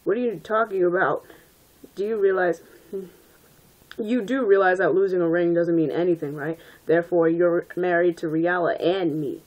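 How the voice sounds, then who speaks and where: A smug shapeshifting villain gloats and taunts with a mid-low voice, as a woman reads him out. Cold and self-satisfied, he savors every threat in this fan-story reading. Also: fairly even intonation, moderate pace, muffled recording, lightly acted. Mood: scornful. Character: gloating male villain who shapeshifts into nightmares.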